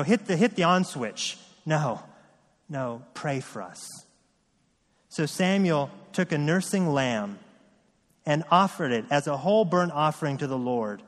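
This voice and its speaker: A man's voice: on the high side, big-room sound. A man preaching a sermon as pastor, reading scripture and driving points home with earnest repetition.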